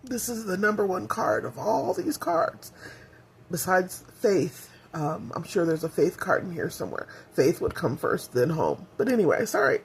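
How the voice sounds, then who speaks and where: A woman's voice: fairly low pitch, big pitch swings, unhurried, vocal fry, slight background noise. A middle-aged woman vlogging in a candid, heartfelt way, rambling with fillers as she talks. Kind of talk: casual personal vlog.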